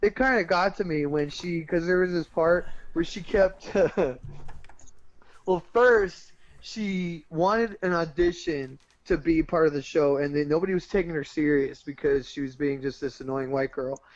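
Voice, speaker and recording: A man co-hosting a podcast, retelling a movie plot in a profane, animated casual chat. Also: on the high side, measured pace, dull audio. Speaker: podcast co-host.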